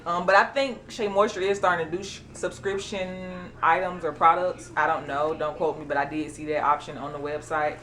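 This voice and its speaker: A woman chatting casually through an unboxing, animated and excitable. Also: low voice, moderate pace, few pauses. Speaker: beauty vlogger.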